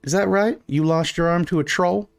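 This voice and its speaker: A man voicing a stern, sharp-tongued middle-aged townswoman who is a mother, with a bossy, folksy drawl, in a tabletop game. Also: a little high, moderate pace, gravelly, dry recording, soft background music, voice pushed up.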